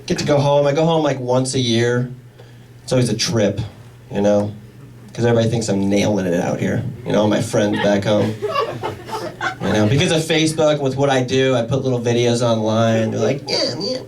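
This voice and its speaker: A young man from Indiana doing a stand-up comedy set in a club, animated and acting out the people in his stories. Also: medium pitch, fairly quick, a little hiss or hum. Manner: animated, acts out quoted voices. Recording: live club sound from a distance. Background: audience.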